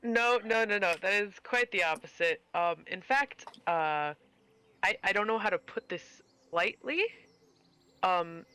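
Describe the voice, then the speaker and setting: A man playing a tabletop game, speaking in a hesitant, halting, earnest way. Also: high voice, lively intonation, pushed and bright, clear, resonant tone. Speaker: player. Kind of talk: casual tabletop play.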